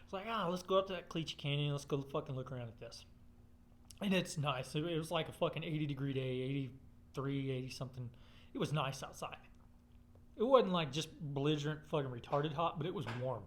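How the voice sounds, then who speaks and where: A man's voice: fairly high pitch, fairly quick. A man telling a rambling personal story in casual, profane, blunt speech.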